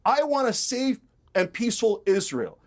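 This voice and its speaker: A man arguing hard in a heated televised debate, sarcastic and rapid-fire. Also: sits high, big pitch swings. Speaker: political commentator in a debate.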